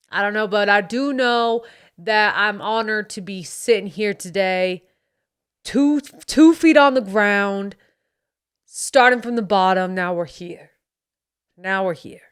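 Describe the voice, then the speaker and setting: A woman's voice: mid-range voice, animated, moderate pace, long pauses, fairly bright tone, no room sound, studio quality. A woman playing a cocky young male dad influencer who talks with a faint southern twang in a swaggering, slangy, boastful way, as a comedic character monologue. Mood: braggy.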